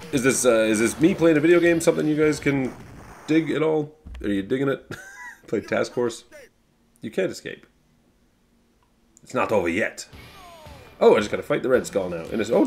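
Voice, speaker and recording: A man's voice: mid-range voice, very animated, a little fast, a little mellow, soft background music. A man giving loose, rambling commentary while playing an old arcade game, swearing casually and joking about himself. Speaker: YouTube host playing a game.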